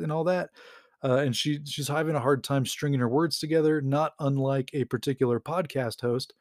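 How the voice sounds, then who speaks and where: A man's voice: fairly high pitch, fairly quick, a little mellow, dry recording. Podcast guy rambling through a comic recap, lots of likes and you knows, dry close sound. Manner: rambling, with lots of fillers and chuckles. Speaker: podcast host. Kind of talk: casual comic book recap.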